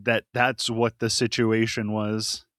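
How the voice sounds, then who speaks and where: A man's voice: lowish voice, level tone, slow, fairly bright tone, no echo, clean studio sound. A man co-hosting a casual podcast, giving blunt opinions with a wry chuckle. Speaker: podcast co-host. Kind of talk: casual chat.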